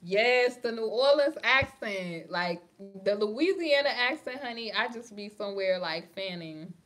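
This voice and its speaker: A young New York woman with a New York accent hosts a casual livestream, reading comments and chatting with viewers while laughing often and using slang. Her voice is a little high, animated, unhurried, and a bit bright, with faint music behind.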